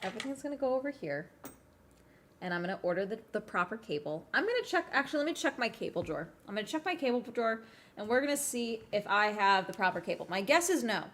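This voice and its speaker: A woman's voice: fairly high pitch, animated, quick pace, a bit bright. A woman streamer in casual chat, ranting with exasperation and swearing, while she is sick.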